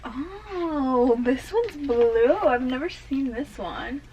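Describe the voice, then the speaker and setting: Young woman, casual vlog talk, chatty, coos at her cat, slightly high pitch. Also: lively intonation, slow, dull audio, very noisy. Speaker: vlogger.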